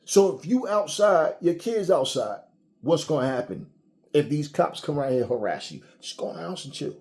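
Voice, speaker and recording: Male commentator, blunt profane rant, warm slightly high voice. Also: big pitch swings, moderate pace. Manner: blunt, profane, repetitive restarts. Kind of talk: casual rant to camera.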